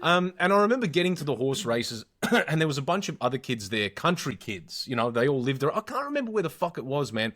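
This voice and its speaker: An Australian man co-hosts a casual podcast, telling long anecdotes peppered with swearing. His voice sits at an ordinary middle pitch and stays relaxed and chatty. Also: fast talker. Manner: swears freely, animated anecdotes. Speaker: podcast co-host. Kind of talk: casual storytelling chat.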